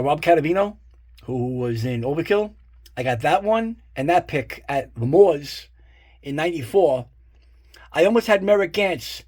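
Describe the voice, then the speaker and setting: Slightly high in pitch, with a darkish tone and a bit of roughness, this middle-aged man's voice wanders through a casual show-and-tell about his guitar picks. He rambles, swears freely and keeps drifting into fillers and asides.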